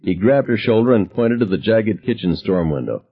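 Low, husky male audiobook narrator. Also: lively intonation, normal speed, few pauses, highs cut off. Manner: wry, reflective first-person storytelling.

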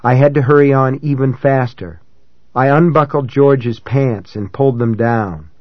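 A man reading a novel aloud in first person, in a measured, dramatic way that rises for shouted dialogue. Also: mid-range voice, dry recording, highs cut off. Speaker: audiobook narrator. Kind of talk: scripted first-person narration.

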